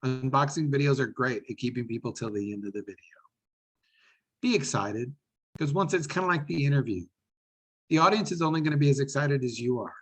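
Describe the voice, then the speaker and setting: A man presenting a business webinar, animated and enthusiastic, often repeating words as he talks. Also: mid-range voice, fairly quick, rough recording.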